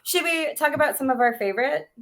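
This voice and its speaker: High-voiced rambling woman co-host. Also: expressive, quick pace, fairly bright tone. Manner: rambling, self-mocking. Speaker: podcast co-host. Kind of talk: casual chat. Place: home kitchen.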